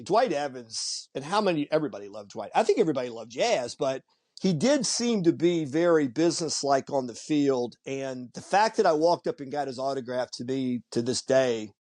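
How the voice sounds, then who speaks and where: A man hosting a casual podcast chat, telling stories with lively acted-out quotes. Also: fairly high pitch, brisk, no echo, studio quality. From Virginia Beach, US. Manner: animated storyteller who acts out quoted voices. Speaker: podcast host. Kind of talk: casual conversation.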